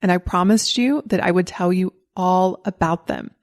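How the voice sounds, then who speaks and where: A woman's voice: on the low side, normal speed. A woman in her forties hosts her own podcast in a candid, encouraging solo monologue. She speaks with a neutral American accent that carries a faint Southern trace, and she laughs often as she talks. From Southern United States. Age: 40s. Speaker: podcast host.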